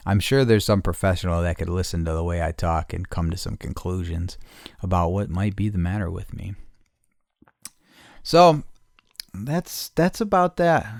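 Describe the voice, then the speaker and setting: A man with a low, deep voice talks through a casual solo podcast episode. He rambles and swears constantly, trips over his own phrasing, and now and then jumps up into loud, excited outbursts. The sound is dry and close, with almost no room echo. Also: moderate pace, gravelly. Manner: rambling, profane, self-correcting; swings to loud excited bursts. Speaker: podcast host.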